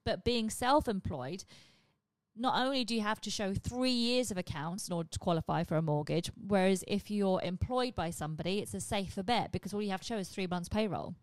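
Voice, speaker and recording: Woman comedian at home, rapid-fire casual chat, blunt, dry close sound. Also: medium pitch, no room sound. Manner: chatty, blunt, swears freely. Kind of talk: casual monologue to camera.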